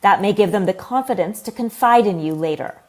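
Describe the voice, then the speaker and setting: A woman narrates a short newspaper explainer video. She reads scripted advice in an even, steady tone. Her voice sits at a middle pitch for a woman. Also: brisk. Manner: even, advisory delivery.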